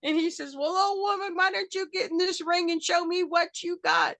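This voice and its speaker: A woman's voice: extremely high pitch, steady tone, moderate pace, vocal fry, fairly bright tone, no room sound. An older woman from Arkansas, chatting folksy and laughing as she tells wrestling stories in an interview. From Arkansas, USA. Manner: chatty, folksy, laughs often, acts out quotes. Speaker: wrestling fan character, guest. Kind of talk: casual storytelling interview.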